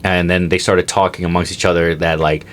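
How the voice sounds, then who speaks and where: A man's voice: low voice, flat delivery, brisk. A young man co-hosting a casual comedy podcast, rambling through stories with lots of "like" and "dude". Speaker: podcast co-host.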